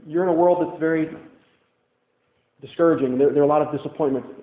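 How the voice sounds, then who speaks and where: A higher-voiced man preaches in a loose, conversational way, tossing in playful asides. His voice rings around a large echoey hall. The sound is thin and narrow, like it came over a phone line. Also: quick pace. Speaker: pastor. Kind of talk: sermon. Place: church hall.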